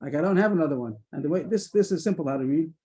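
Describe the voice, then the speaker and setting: A man's voice: a little high, lively intonation, dark tone. A man leading a Talmud study session over a video call, thinking aloud with frequent restarts. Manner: hesitant, many restarts, quick asides. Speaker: Talmud lesson leader.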